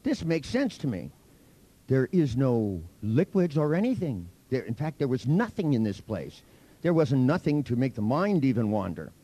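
A man's voice: medium pitch, very animated, normal speed, dark tone, slightly rough. A man teaching a hypnosis seminar to a live audience, telling anecdotes in a blunt, profane, teasing way. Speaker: hypnosis instructor.

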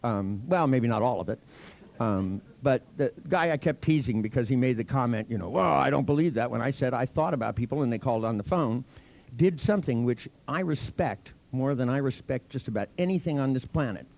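A man's voice: medium pitch, expressive, brisk, darkish tone. A man teaching a hypnosis seminar to a live audience, telling anecdotes in a blunt, profane, teasing way. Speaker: hypnosis instructor.

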